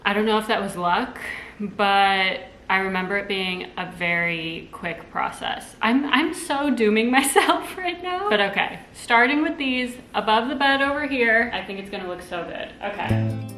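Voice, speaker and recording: American woman, decor vlogger, mid-pitched, gushing and chatty, roomy echo. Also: lively intonation, moderate pace, bright, forceful tone, faint music behind. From United States. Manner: bubbly, gushing, lots of "like" fillers. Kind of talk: casual chatty vlog narration. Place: at home, indoors.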